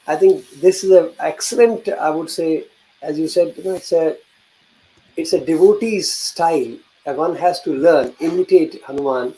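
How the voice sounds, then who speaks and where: A man leads a devotional talk, explaining ideas in a reflective way. His voice is mellow and a little high, and he sometimes reads a passage aloud. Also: normal speed, low-quality recording. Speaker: host.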